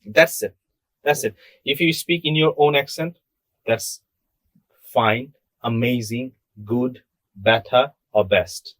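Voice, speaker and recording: A man's voice: medium pitch, slow, pauses often, fairly bright tone, no echo. A young man from Bangladesh, talking casually on a podcast and making his points emphatically with rhetorical questions. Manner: emphatic, asks rhetorical questions and answers them. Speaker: podcast co-host. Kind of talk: casual discussion.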